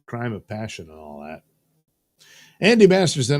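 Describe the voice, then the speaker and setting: A man hosts a live stream, reading out viewer comments and joking about them. He talks slowly, and his pitch swings widely as he teases the chat. The sound is dry and close. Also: wildly swooping pitch, darkish tone, no echo. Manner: joking, reads viewer comments aloud, quick silly voices. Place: studio.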